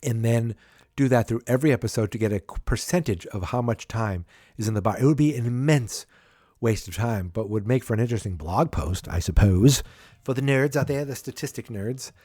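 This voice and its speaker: A man's voice: mid-range voice, a little fast, warm tone, slightly rough, no room sound, studio quality. A man hosting a podcast, casually recapping a TV episode with a rambling manner full of restarts and fillers. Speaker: podcast host.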